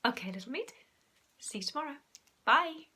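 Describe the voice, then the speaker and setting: Animated woman reading a story. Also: high-pitched, moderate pace, slight background noise. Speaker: teacher. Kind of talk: storybook read-aloud.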